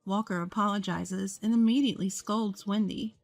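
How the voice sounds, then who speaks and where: A woman narrates a first-person story in a calm, measured voice at a middle pitch. Her voice sounds dry and close to the mic. Soft music plays faintly underneath. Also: no echo.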